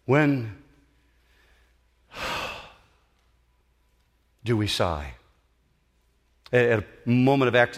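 A middle-aged man, a pastor, preaching a sermon in an auditorium, earnest and emphatic with dramatic pauses. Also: medium pitch, a bit bright.

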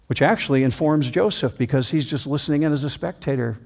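A man preaching an expository sermon, reading scripture dramatically and slowing down to stress key phrases. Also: medium pitch, darkish tone.

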